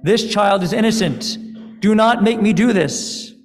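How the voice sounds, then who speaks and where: An anguished old father, played by a man speaks slowly with a gravelly texture. The voice sits a bit high and spreads into a long reverberant hall. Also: lively intonation. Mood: protesting. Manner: pleading, defensive.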